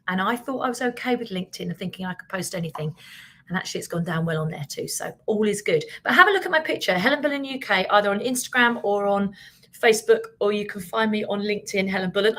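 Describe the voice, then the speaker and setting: A British woman with a British accent, hosting a casual live stream as a business coach, chatting quickly and animatedly and reading out viewer comments. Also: mid-range voice. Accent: British English. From Britain. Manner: fast-talking, animated, chatty and self-mocking.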